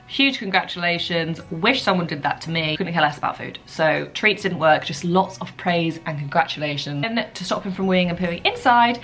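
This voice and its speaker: A young woman chatting casually in a relaxed way for her vlog, with lots of asides. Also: fairly low pitch, normal speed, hardly any pauses, soft background music. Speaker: vlogger. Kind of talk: casual chat.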